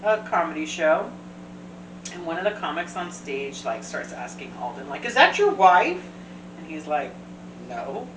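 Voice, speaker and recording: A woman's voice: deep voice, moderate pace, noisy background. A woman hosting a casual chat, telling a story and acting out what others said. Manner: animated storyteller, acts out quotes. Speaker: host. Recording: echoey room, distant mic.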